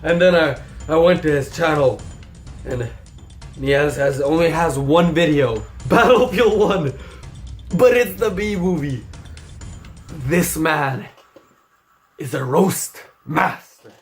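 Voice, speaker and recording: High-voiced sarcastic young commentator. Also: male voice, lively intonation, takes it slowly, long pauses, faint music behind. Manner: sarcastic, profane, mocking impressions. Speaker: commentary YouTuber. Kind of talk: YouTube drama commentary.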